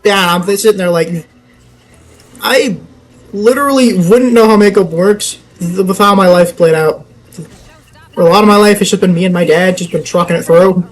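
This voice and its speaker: A man's voice: high-pitched, moderate pace, poor audio. A young man giving casual gameplay commentary, rambling and laughing often. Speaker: gameplay YouTuber.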